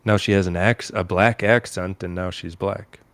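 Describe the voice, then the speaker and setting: A man co-hosting a casual podcast chat, reading out headlines in a hesitant, halting way with frequent restarts. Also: low voice, steady tone, a bit bright, dry recording. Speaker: podcast co-host.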